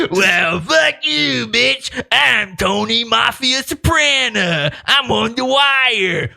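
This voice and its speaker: A man's voice: mid-range voice, pushed and bright. A man hosting a podcast interview, mocking and profane, laughing often as he talks. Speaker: podcast host. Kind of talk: casual interview.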